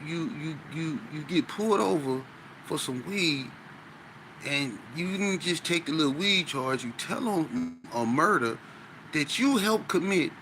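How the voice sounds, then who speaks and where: A man's voice: a little high, a little hiss or hum. A man in casual conversation, animatedly telling a story with speech. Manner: animated, with frequent "you know what I'm saying". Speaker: podcast guest.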